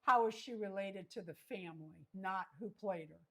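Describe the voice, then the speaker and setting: A woman hosting a livestream trivia chat, reading each question slowly and repeating it. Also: medium pitch, bright, forceful tone. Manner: slow, reads questions twice. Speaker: host.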